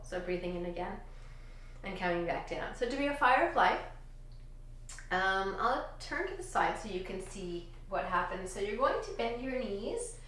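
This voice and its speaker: A woman teaching a children's yoga class, giving gentle, encouraging cues in time with slow breaths. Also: medium pitch, slight background noise. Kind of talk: guided kids yoga lesson. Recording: echoey room, distant from mic.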